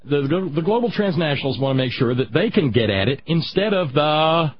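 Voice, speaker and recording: A man hosting a political talk show, rambling and halting, reading out chat comments, with a husky voice. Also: fairly high pitch, lively intonation. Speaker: radio talk host. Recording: dull lo-fi radio sound.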